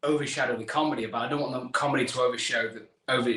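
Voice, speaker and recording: A man's voice: medium pitch, steady tone, very fast, bright, forceful tone. Chatty English man on an echoey call. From England. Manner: chatty, self-deprecating, rambling with restarts. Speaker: magician guest. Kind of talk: casual video-call interview.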